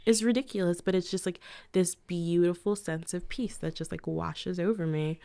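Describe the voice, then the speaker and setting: Low-voiced woman telling animated stories. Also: moderate pace, creaky. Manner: animated storyteller, laughs often, drops to near whispers. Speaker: podcast guest. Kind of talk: casual chat.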